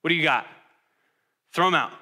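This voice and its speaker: Bright-voiced pastor quizzing his congregation. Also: on the high side, moderate pace. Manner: lively, engaging the congregation with questions. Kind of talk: interactive sermon teaching.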